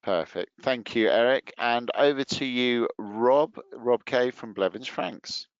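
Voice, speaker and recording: A man's voice: mid-range voice, slow, clear, resonant tone, no echo, dull audio. A man hosting a webinar panel, upbeat as he hands over to each speaker. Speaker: webinar host.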